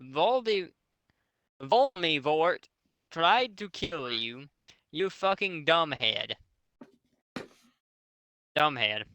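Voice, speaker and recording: Man, comedic fanfic reading, slow, higher voice, swearing, mocking. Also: expressive, pushed and bright, a little hiss or hum. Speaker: reader of a fanfic. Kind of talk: comedic dramatic reading with friends.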